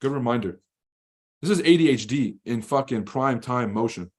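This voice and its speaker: A man with a mid-range voice hosting a live trading stream, cursing freely and talking back bluntly to his chat. He drifts from explaining trades to animated, combative rants that come in quick bursts. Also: mid-range voice. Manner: fast, rambling and animated when ranting. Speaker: livestream trading host. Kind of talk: casual live-stream commentary reading chat.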